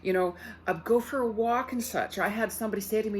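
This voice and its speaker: A woman with a mid-range voice talks fast over slight background noise. A psychic medium, she gives her viewers a casual card reading, chatty and loose, full of "like" and "you know," often repeating her words.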